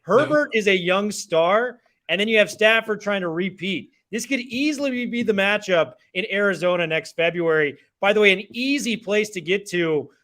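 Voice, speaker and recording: A male sports podcast co-host with a high, bright, forceful voice. He talks with hyped, promotional enthusiasm about the local teams. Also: normal speed, few pauses. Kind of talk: casual sports talk.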